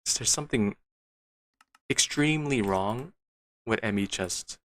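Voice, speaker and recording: A man's voice: lowish voice, measured pace, fairly bright tone, dry recording. A man streaming a game, muttering to himself with frustrated, disbelieving outbursts. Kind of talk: casual gameplay commentary.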